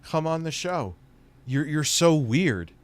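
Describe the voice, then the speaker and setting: A man's voice: a little high, animated, slow. A man hosting a live stream, ranting in a profane, exasperated way. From United States. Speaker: streamer host. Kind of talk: heated live-stream chat.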